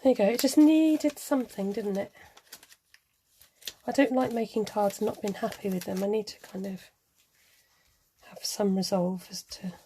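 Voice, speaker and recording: A middle-aged woman hosts a craft video, chatting casually, muttering to herself while she works, and giggling now and then. Her mid-range voice has a dark tone and moves at a moderate pace with long pauses, over slight background noise.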